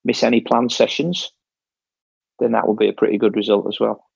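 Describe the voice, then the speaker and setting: A man's voice: fairly low pitch, fairly even intonation, a little fast, gravelly, darkish tone, husky, no room sound, highs cut off. A man coaching an athlete in casual talk, explaining step by step and often restarting his phrases. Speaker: triathlon coach.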